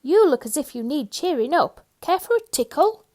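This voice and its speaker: A woman's voice: high-pitched, sing-song, normal speed, a little mellow, pitched above the performer's own voice. A woman doing a chirpy, playful storybook tickler. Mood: cheerful. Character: cheerful male storybook tickler with long arms.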